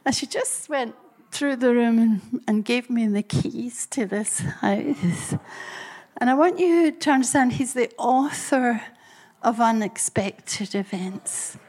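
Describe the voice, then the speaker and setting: Woman preaching with animated storytelling. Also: fairly high pitch, takes it slowly. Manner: animated and breathy, laughing often. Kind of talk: storytelling sermon.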